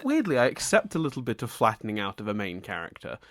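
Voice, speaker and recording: A man co-hosting a casual podcast, animated and laughing often as he acts out his exasperated reactions. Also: on the low side, quick pace, no echo, studio quality. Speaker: podcast co-host.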